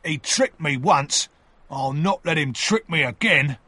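A man voicing a rough, desperate convict who speaks loudly and defiantly. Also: a little high, expressive, a little slow, dry recording, voice pushed up, full character voice. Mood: scornful. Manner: loud, forceful and defiant. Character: rough desperate male convict, fierce and bitter.

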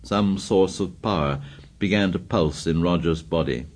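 Brief: lower-pitched male narrator, steady measured reading. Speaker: audiobook narrator. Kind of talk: scripted narration.

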